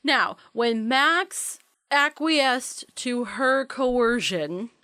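A woman's voice: on the high side, extremely slow, sharp tone, no echo. A woman co-hosting a podcast, chatting casually and playfully about a movie with an analytical bent. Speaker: podcast co-host.

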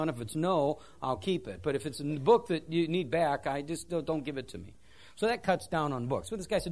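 A man preaching from the pulpit of a church, his pitch swinging widely as he moves from punchlines to solemn points. He talks with a lively, self-deprecating storyteller's manner. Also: fairly quick. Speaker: pastor. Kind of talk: sermon.

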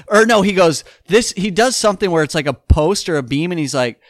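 A man's voice: high voice, fairly quick, dry recording. Guy rambling through stories on a podcast, lots of likes and uhs, dead dry sound. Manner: rambling, animated storytelling with many fillers. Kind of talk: casual chat.

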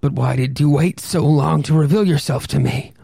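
Guy reading an earnest comic hero, urgent and melodramatic, a bit gravelly. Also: on the high side, normal speed, mellow, no echo, studio quality, heavily acted. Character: earnest young male hero of an old horror comic.

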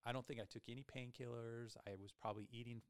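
A man hosting a podcast, telling a long personal story in a casual, animated way with many fillers. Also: mid-range voice, fast talker, smooth, no room sound, studio quality. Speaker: podcast host.

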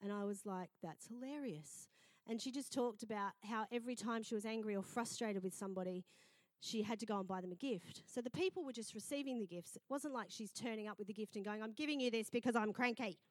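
A middle-aged woman pastor, preaching a sermon in a lively storytelling manner. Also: mid-range voice, brisk, dry recording. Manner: lively storytelling, acting out quoted voices.

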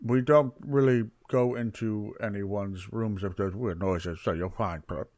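A man narrating as game master of a tabletop game, with dry deadpan asides. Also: on the low side, measured pace, no echo.

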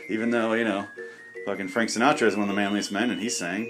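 A man's voice: lowish voice, quick pace. A sarcastic man ranting with faint music. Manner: sarcastic, profane ranting with stammered restarts. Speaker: podcast host. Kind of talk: comedic rant monologue.

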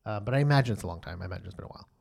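A man's voice: lowish voice, rapid-fire, gravelly, husky. Chatty man co-hosting. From US South. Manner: chatty, animated, laughs easily. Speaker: podcast co-host. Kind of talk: casual chat.

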